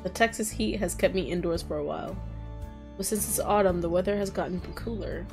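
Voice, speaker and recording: A woman playing a visual novel, reading its lines aloud and breaking off into loud reactions and laughter. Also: fairly low pitch, a little fast, creaky, faint music behind. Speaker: gaming streamer.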